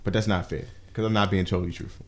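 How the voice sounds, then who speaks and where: A man's voice: deep voice, fairly even intonation, very fast. A man hosting a podcast, chatting casually, profane and joking, acting out what others said. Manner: profane, reacts and jokes, acts out quotes. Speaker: podcast host. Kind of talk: casual chat.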